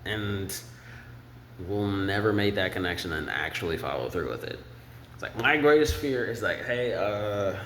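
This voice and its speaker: A man's voice: lively intonation, normal speed, fairly bright tone, a little hiss or hum. A man casually breaking down song lyrics, rambling and thinking aloud. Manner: rambling, sings snippets of lyrics in falsetto. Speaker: music commentator. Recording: echoey room with faint ambience.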